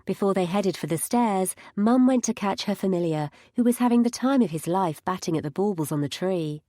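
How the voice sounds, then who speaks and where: A woman's voice: mid-range voice, expressive, brisk, dark tone, dry recording. A woman narrating a first-person audiobook with wry, dry humour.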